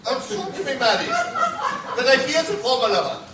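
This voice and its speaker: Man as comic fake-German king, high lively voice, distant echoey stage sound. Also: brisk, background noise. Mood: blustering comic. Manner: loud, blustering, comic. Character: pompous foreign king in disguise, male, hammy. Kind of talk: stage comedy acting. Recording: roomy theatre from far off.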